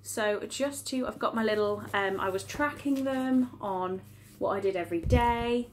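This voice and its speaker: Young woman, book vlogger, casual rambling chat, self-deprecating, mid pitch, faint background noise. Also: measured pace.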